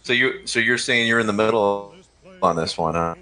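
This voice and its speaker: A man's voice: lowish voice, normal speed, sharp tone, low-quality recording. A man co-hosting a horror film podcast, chatting casually and eagerly sharing trivia. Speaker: podcast co-host. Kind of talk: casual movie review chat.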